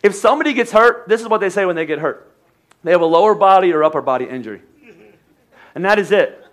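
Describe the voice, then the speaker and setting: A high-voiced man from the United States preaches a sermon. He speaks as a pastor in a conversational way, with joking asides and repeated phrases for emphasis. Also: expressive, fast talker, a bit bright.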